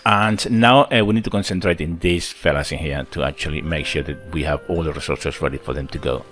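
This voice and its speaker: Deep-voiced man chatting over game play. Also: brisk, a bit bright, faint music behind. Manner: chatty, thinks aloud, counts workers under his breath. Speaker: gameplay channel host. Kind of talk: casual let's-play commentary.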